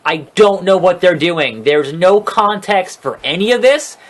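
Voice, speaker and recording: A man's voice: high voice, animated, unhurried. A man giving a casual, rambling recap of a wrestling show, swearing freely and sounding exasperated and sarcastic.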